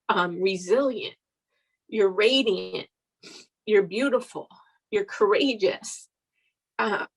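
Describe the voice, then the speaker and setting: A woman's voice: a little high, fairly bright tone, breathy edge, rough recording. A woman in a group video chat, praising a friend in an emotional, rambling way while holding back tears. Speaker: group member giving encouragement. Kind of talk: casual chat on a video call.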